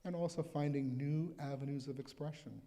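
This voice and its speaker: A man's voice: fairly high pitch, fairly even intonation, brisk, mellow, long reverb tail. A male pastor preaching at a live church service, talking in a conversational, reflective way and reading scripture aloud. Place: church sanctuary.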